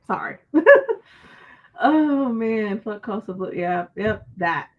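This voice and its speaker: A woman's voice: medium pitch, lively intonation, slow, phone-quality sound. A woman hosting a casual livestream, answering her chat and venting in a frustrated, cursing rant. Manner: frustrated, ranting, swears freely. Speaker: book channel host reading live chat.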